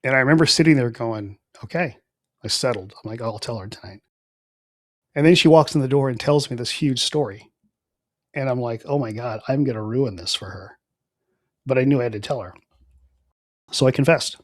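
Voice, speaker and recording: Middle-aged male guest, earnest testimony, mid pitch, dry close mic. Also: normal speed, pauses often, no room sound. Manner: earnest, reflective, with frequent fillers and soft trailing phrases. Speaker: podcast guest. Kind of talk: conversational spoken testimony.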